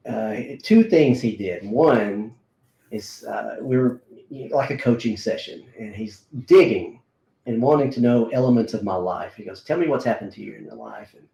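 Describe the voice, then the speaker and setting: A man's voice: lowish voice, dark tone. Middle-aged man in an echoey room. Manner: halting, frequent fillers and restarts. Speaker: guest, martial arts instructor. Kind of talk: casual conversational storytelling. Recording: roomy echo.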